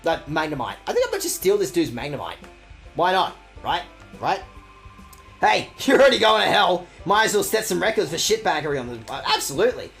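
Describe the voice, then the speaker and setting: Very animated and brisk, this game streamer speaks with vocal fry and a fairly bright tone while faint music plays behind. The casual let's-play commentary rambles, with swearing, crude self-mockery, and swinging pitch.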